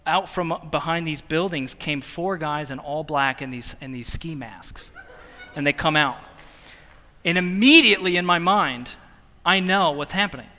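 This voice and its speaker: A young man preaching, telling a story in a lively, self-mocking way with bursts of laughter. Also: a little high. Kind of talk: sermon storytelling. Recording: long hall reverb.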